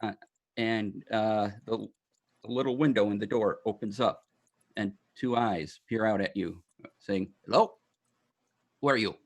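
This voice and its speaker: A man narrating as dungeon master of a tabletop game, in a loose, halting way with many fillers. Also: fairly low pitch, fairly even intonation.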